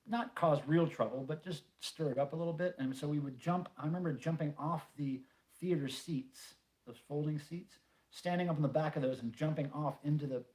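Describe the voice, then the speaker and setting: Casual livestream host, middle-aged man, banters and reads chat, slightly raised pitch. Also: darkish tone. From North Carolina, USA. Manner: chatty, jokey, reads viewer comments aloud. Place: home room.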